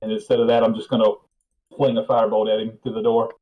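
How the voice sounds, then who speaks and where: A man's voice: on the low side, little pitch movement, quick pace, highs cut off. A man playing in a tabletop game, describing his moves hesitantly with many fillers. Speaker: player. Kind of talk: casual chat.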